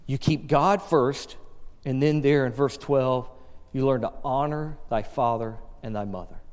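A man preaching a sermon, reading scripture and retelling it with animated storytelling. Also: mid-range voice, measured pace. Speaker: pastor. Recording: long hall reverb.

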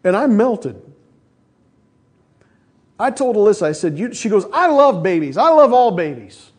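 A man's voice: high voice, a little slow, breathy edge. A middle-aged male pastor preaching a sermon, telling stories and acting out voices along the way. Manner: storytelling, animated, acts out quoted voices.

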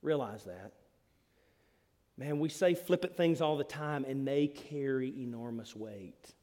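A man, preaching a sermon as pastor, telling stories with big swings between loud and hushed delivery. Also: mid-range voice, a little slow. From Alabama. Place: church hall. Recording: long hall reverb.

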